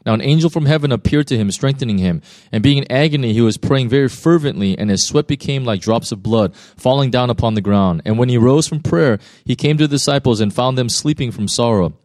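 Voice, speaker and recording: Male pastor, mid-pitched, reads scripture plainly, then preaches loosely with lots of fillers, dry close recording. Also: a little mellow, no room sound. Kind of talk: scripture reading and sermon.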